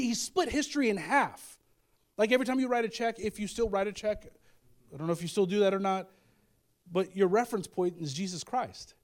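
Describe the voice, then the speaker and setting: A man preaching a Christmas sermon in a conversational way, with asides, repeated phrases and restarts. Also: high voice. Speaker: pastor.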